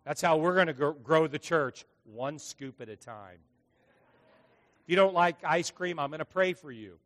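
A middle-aged pastor preaches a sermon, telling stories laced with jokes and acting out the voices of the people in them. His voice is on the high side and moves at a moderate pace, with an animated, humorous storytelling style.

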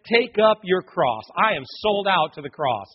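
A man preaching a sermon as a pastor, dramatic and animated, acting out quoted voices. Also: high-pitched, unhurried, husky. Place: church sanctuary. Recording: muffled, long hall reverb.

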